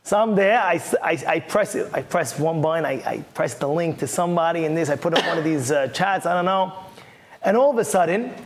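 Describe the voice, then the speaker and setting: A male rabbi guest telling a story in a quick, lively way with laughs. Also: on the high side, slight background noise. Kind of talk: storytelling interview.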